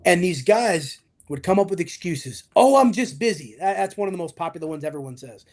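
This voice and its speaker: A man's voice: a little high, fairly quick. A man, a fitness coach, talking in an interview with motivational energy and acting out the voices of the people he quotes. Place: video call interview.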